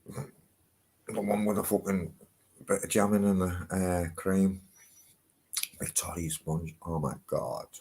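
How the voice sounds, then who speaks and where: A man's voice: sits low, fairly even intonation, slow, long pauses, darkish tone, husky. A man, talking in a casual, rambling vlog, swearing freely. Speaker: vlogger.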